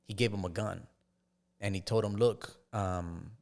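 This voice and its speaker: A man, a podcast guest, telling his life story in a casual, halting way with frequent restarts. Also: fairly low pitch, steady tone, vocal fry, a little mellow.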